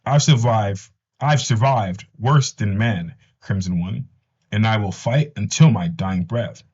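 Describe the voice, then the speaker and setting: A man's voice: fairly low pitch, a little slow, a little mellow, slightly rough. A man reading as a resolute warrior princess. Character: noble determined warrior princess. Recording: slightly dull lo-fi audio.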